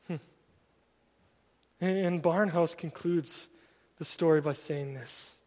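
A man preaching a sermon in an earnest way, often stammering and restarting his phrases, and at times dropping to a soft, quiet voice. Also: a little high, slow, long pauses. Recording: long hall reverb.

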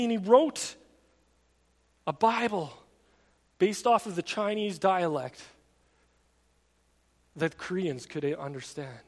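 A pastor, a man, preaching a sermon in a conversational, earnest storytelling manner in a church sanctuary. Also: sits high. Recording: long reverb of a large hall.

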